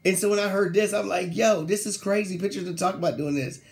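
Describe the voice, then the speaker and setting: A young man hosting a sports talk show, ranting casually with slang, laughing mid-sentence and mocking quoted players in a lower voice. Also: fast talker, gravelly. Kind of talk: casual solo sports rant.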